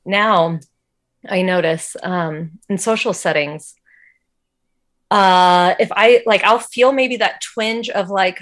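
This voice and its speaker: A woman's voice: mid-range voice, slow. A woman guest telling a personal faith story in an earnest, emotional way, with lots of casual "like" fillers. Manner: casual, heavy use of "like" fillers. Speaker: interview guest.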